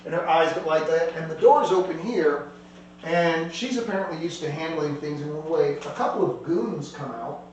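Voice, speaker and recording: A man's voice: on the high side, moderate pace, a little mellow, lo-fi sound. A man narrating as a tabletop game master, rambling and heavy on fillers, recorded from a distance in an echoey room with a faint hum.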